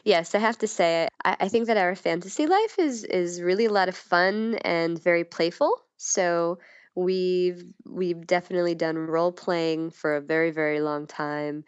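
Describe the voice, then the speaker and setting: A woman with a smooth, fairly low voice talks in a relaxed, candid way. She laughs easily and restarts her sentences often. The recording is dry and a little muffled. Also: moderate pace, no echo. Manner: giggly, chatty, frequent restarts and laughs. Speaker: podcast guest. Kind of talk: candid casual chat.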